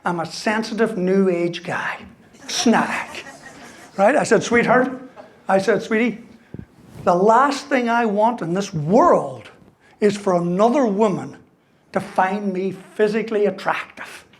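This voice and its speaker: A man's voice: high voice, expressive, slow pace, slight background noise. A man, giving a humorous motivational talk full of stories, punchy jokes and a constant "right?" tagged onto his lines. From Ireland. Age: 50s. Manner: storytelling, punchy jokes, keeps tagging "right?". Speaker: motivational speaker. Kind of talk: humorous keynote speech.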